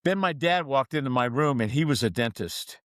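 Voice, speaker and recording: A man's voice: medium pitch, animated, a little fast, a bit bright, no echo, clean studio sound. A man who coaches and speaks to dentists, telling stories in a podcast interview with an emphatic, preacher-like cadence and acting out the voices of the people in his stories.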